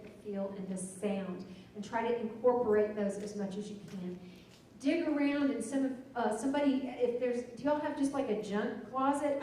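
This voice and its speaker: A woman's voice: on the high side, dark tone, a little hiss or hum. A woman giving a chatty, demonstrative teacher-training talk. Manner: chatty, self-deprecating, demonstrative. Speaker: literacy trainer. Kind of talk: teacher workshop presentation. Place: meeting room. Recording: echoey room, voice from far off.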